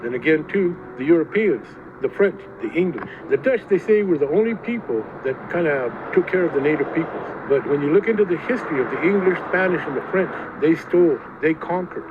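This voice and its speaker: A middle-aged man from Arizona telling his life story in an interview, plain and earnest, often repeating phrases. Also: on the high side. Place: outdoors by a road. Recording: tinny, noisy outdoor recording with passing traffic.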